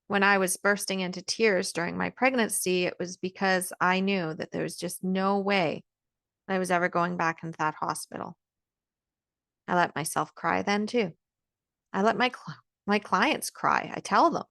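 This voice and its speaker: A woman's voice: lowish voice, moderate pace, gravelly, fairly bright tone, no echo, studio quality. Earnest woman giving a heartfelt pep talk. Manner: earnest, emphatic, repeats words when stressing a point. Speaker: vlogger giving encouragement. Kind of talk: heartfelt motivational talk to camera.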